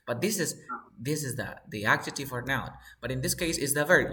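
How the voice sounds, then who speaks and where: A male teacher leads an online English class, patient and steady, repeating each word aloud so his students can hear where the stress falls. His voice sits at an ordinary middle pitch. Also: fairly quick. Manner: patient, drills students, repeats words for pronunciation.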